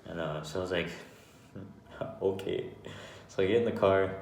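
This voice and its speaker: A man telling a personal story in a casual, animated way, swearing often and restarting his sentences. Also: low-pitched, measured pace, gravelly. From Arizona, United States. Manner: profane, animated, with frequent restarts. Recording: echoey room, faint background hiss.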